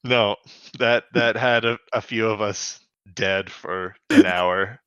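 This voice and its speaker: A man's voice: fairly low pitch, takes it slowly, sharp tone, clean tone, no room sound. Joking male podcast co-host, dull dry sound. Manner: jokey, slips into a put-on Canadian voice with "eh". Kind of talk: casual chat recapping a cartoon episode.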